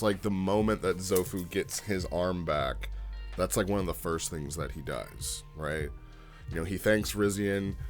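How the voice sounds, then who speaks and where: Low-voiced man rambling through a review. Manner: rambling, halting, checks in with "right?". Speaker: roleplay log reviewer. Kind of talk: casual spoken review.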